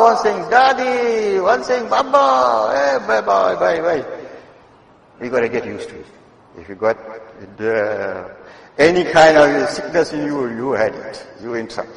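An older man giving a Friday sermon in a mosque, moving from quiet asides to loud, emphatic exhortation and wry teasing of the congregation. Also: mid-range voice, slight background noise. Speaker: mosque preacher. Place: mosque prayer hall. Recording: echoey hall with long reverb.

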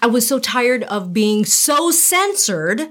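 A woman hosting a casual studio interview, chatty and quick with banter, laughing often. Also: fairly high pitch, big pitch swings, a bit bright. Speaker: podcast host, former TV news reporter.

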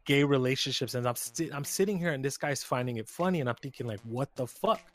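A man's voice: medium pitch, fast talker. A man co-hosting a casual podcast, telling a story animatedly with slang and plenty of swearing. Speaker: podcast co-host. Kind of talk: casual chat.

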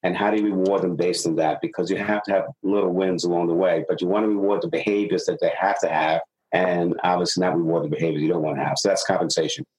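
A middle-aged man, a sales consultant being interviewed on a podcast, explaining ideas and acting out stories with lively dialogue. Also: deep voice, quick pace, hardly any pauses, low-quality recording. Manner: animated storyteller, acts out dialogue.

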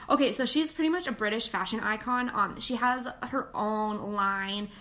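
Woman, podcast co-host, casual chat, filler-heavy, mid-pitched. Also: moderate pace. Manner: chatty, many "like" fillers, animated retelling.

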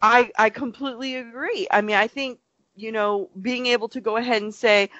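A woman's voice: on the high side, fairly even intonation, moderate pace, a bit bright, no echo. A woman speaking on a podcast over a remote call, and the sound is dry and dull. She rambles with plenty of fillers and acts out little quotes as she makes her point. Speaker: podcast co-host. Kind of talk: casual podcast chat.

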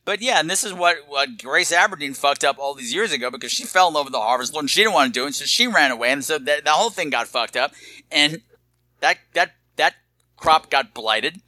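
Man, podcast co-host, campy crude comic, animated bright delivery. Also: a little high, brisk, dry recording. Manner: campy, crude, laughs at his own jokes; slips into put-on voices. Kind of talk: casual comedic movie chat.

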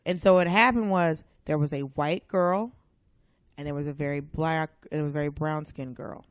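A woman guest on a podcast, telling stories in a casual, animated way and acting out other people's voices. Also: sits low, normal speed, dry recording, clean studio sound. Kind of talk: casual storytelling chat.

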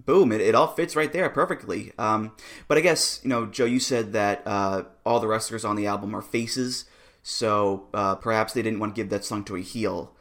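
Here a man with a lowish, fairly bright voice talks at a moderate pace as a podcast co-host. It's a casual, amused review chat, full of laughter and restarted sentences.

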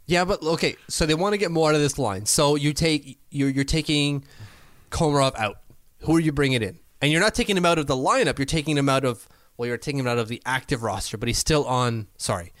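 A man's voice: fairly high pitch, fairly quick, a bit bright, no echo. Chatty man talking hockey, dry sound. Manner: chatty, self-correcting, laughs easily. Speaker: podcast co-host. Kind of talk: casual hockey chat.

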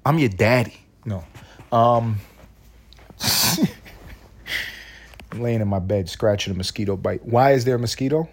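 A man hosting a solo podcast from his bed, ranting in a rambling, profane, animated way. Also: mid-range voice, unhurried, pauses often. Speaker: podcast host. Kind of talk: solo casual podcast rant.

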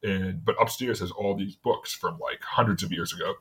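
A man's voice: low voice, normal speed, a bit bright, slightly rough. A man from in casual chat, telling stories with lots of restarts and frequent laughter. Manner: rambling storyteller, laughs often, many restarts. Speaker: city worker, podcast guest.

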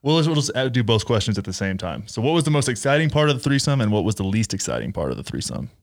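A man co-hosting a podcast in a relaxed, encouraging way, asking questions and giving short replies. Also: mid-range voice, rapid-fire, gravelly. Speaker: podcast co-host. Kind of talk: casual chat.

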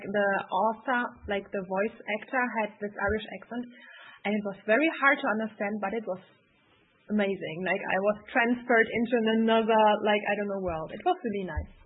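Woman, casual chat, filler-heavy, slightly high, tinny call audio. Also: a little hiss or hum. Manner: chatty, many fillers, laughs often.

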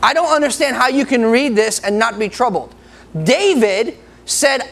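Male preacher, very high voice, a gravelly edge, laughs a lot, playful with the congregation. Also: animated, moderate pace, fairly bright tone. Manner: laughs often, jokes with the congregation. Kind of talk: sermon.

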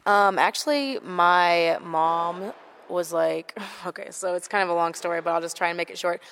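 A woman's voice: fairly low pitch, normal speed. A young woman from the United States, a wrestler answering interview questions casually, laughing often and filling her talk with "like". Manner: giggly, relaxed, many "like" fillers. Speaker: wrestler guest.

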